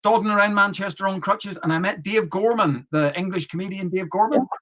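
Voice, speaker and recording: A man appearing as a comedy guest on an online show, telling his story in a relaxed, matter-of-fact way. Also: high voice, brisk. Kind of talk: casual interview storytelling.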